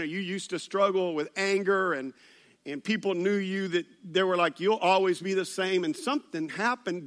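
A man preaching a sermon, telling stories with playful asides. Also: sits high. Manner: animated storytelling with playful asides. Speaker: pastor.

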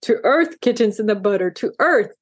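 A woman's voice: fairly high pitch, sing-song, slow, no room sound, studio quality, heavily acted. A woman reading a storybook, voicing a mild, patient father cat in nearly her own voice. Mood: gentle.

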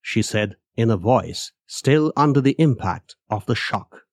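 A man narrating a horror story in a measured, dramatic way. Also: medium pitch, expressive, darkish tone, no room sound, studio quality. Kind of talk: scripted narration.

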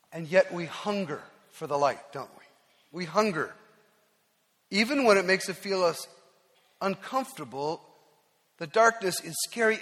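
A man's voice: high-pitched, a bit bright, in a large hall. A male pastor preaching a sermon, telling self-deprecating stories in a conversational way with small restarts.

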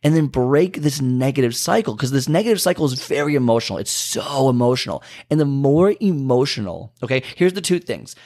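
A man giving a casual motivational talk straight to listeners. He keeps checking in with "okay?", stretches key words slowly, and jumps in pitch and speed to stress a point. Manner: animated, leaps in pitch and speed for emphasis. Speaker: motivational speaker.

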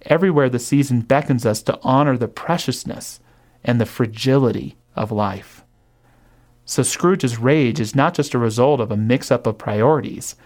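A man's voice: medium pitch, darkish tone. Male narrator for reflective spiritual talk, thoughtful and questioning, mid-range voice. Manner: thoughtful, asks rhetorical questions.

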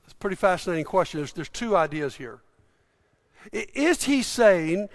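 A man preaching a sermon, retelling scripture as a story and acting out the quoted lines, swinging from loud to hushed. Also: high-pitched, sing-song, normal speed, big-room sound.

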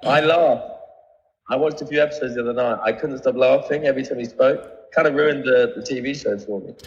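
A man's voice: mid-range voice, fairly quick, long reverb tail, muffled recording. A man as a podcast guest, chatting casually with rambling, laughing asides. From England. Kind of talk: casual chat.

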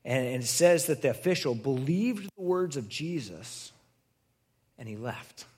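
A man's voice: medium pitch, animated, unhurried, darkish tone, slightly rough. A male pastor giving a conversational sermon who restarts his sentences often.

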